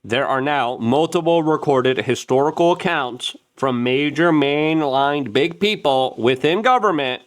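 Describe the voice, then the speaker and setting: A man hosting an online news show, giving an opinion commentary straight to camera. He rants emphatically and repeats himself rapidly, and he mimics other people in raised, mocking voices. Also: a little high. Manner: excitable, emphatic ranting with rapid repetition. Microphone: camera-mounted.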